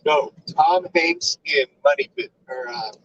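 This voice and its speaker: A man's voice: on the high side, unhurried, fairly bright tone, a little hiss or hum. A man riding along in a truck cab, joining a casual live chat and telling corny puns. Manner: jokey, tells corny puns. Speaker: co-host, husband riding along. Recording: dull lo-fi sound in a vehicle.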